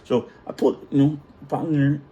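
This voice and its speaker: A man's voice: on the high side, level tone, quick pace, dark tone, dull audio. A middle-aged man telling a story in a casual, profane, self-mocking way.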